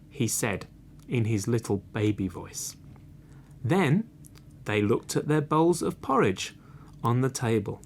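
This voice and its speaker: Male narrator for a children's tale, very slow, animated pitch, expressive read. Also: a little hiss or hum. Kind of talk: slow storybook reading.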